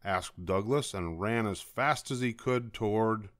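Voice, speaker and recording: An older man reading a children's picture book aloud as a bedtime story, slow and expressive. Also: on the low side, dry recording, clean studio sound.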